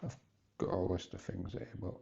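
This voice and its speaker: Low, gravelly man in his fifties, halting confessional vlogger, dull lo-fi sound. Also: fairly even intonation, mellow. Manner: hesitant, halting, rambling with restarts. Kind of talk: personal confessional vlog.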